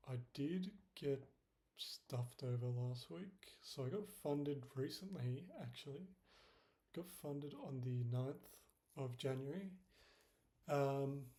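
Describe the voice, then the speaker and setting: A man's voice: medium pitch, warm tone. A young man in casual screen-share commentary, rambling and self-deprecating, with many fillers. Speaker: trading vlogger.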